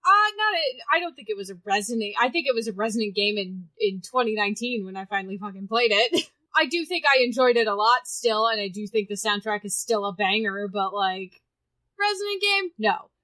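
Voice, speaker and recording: A woman's voice: medium pitch, lively intonation, fairly quick, pushed and bright. A woman co-hosting a podcast, chatting casually, teasing and cursing freely. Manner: playful, swears, teasing. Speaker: podcast co-host. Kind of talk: casual chat.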